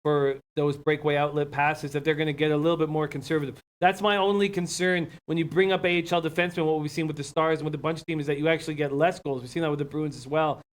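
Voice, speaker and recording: Male betting co-host, higher voice, relaxed and conversational. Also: quick pace, few pauses. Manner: conversational, breaks down hockey and basketball bets. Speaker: sports betting show co-host. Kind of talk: casual betting chat.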